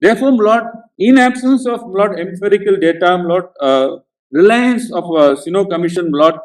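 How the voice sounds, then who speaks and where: Male advocate, Indian English accent, insistent court argument, slightly high voice, distant echoey courtroom sound. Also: animated, normal speed. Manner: addresses the bench as Lord at almost every phrase, insistent. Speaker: advocate arguing before a court. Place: large courtroom.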